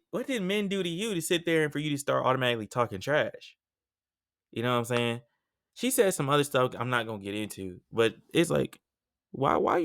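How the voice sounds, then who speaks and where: Slangy animated young man, podcast host. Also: fairly high pitch, a little fast, no echo, clean studio sound. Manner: animated, slangy storytelling with frequent asides. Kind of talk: casual podcast monologue.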